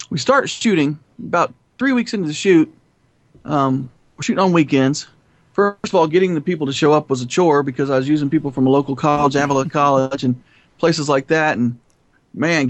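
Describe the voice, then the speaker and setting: A man telling stories in an interview, animated and profane, often laughing. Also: a little high, dry recording, lo-fi sound. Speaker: filmmaker guest. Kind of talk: storytelling interview.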